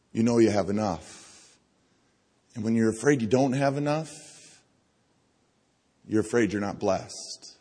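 A pastor preaching a sermon in a church, talking conversationally and coaxing the congregation to repeat phrases to each other. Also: male voice, lowish voice, a little mellow. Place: church sanctuary. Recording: long hall reverb.

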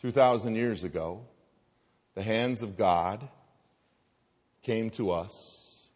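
A male pastor preaching a sermon, telling a story and acting out voices, slowing and softening on key phrases. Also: lowish voice. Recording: long hall reverb.

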